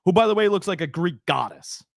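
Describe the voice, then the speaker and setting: Animated man in lively sports banter. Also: high voice, fairly quick, vocal fry, no echo, studio quality. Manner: animated, rambling, acts out quoted voices. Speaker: co-host. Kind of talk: casual sports podcast chat.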